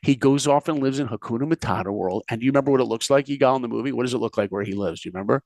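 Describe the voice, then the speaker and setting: A man on a podcast, telling stories in an animated way, acting out characters' lines and quizzing the host. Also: medium pitch, racing, no echo. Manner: animated, acts out characters' lines, asks the listener questions. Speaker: podcast guest, speaker and filmmaker. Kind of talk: animated storytelling in conversation.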